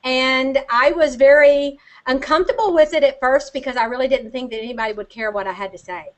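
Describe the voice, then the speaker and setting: A woman's voice: sits high, brisk. An older woman chatting as a guest on a video call, chatty and self-deprecating, laughing often. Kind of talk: casual video-call chat.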